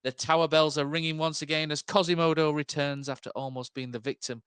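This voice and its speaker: Teasing podcast host, dry sound. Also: male voice, fairly high pitch, little pitch movement, a little fast, a bit bright, clean tone, dry recording. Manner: teasing, upbeat introductions. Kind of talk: casual podcast chat.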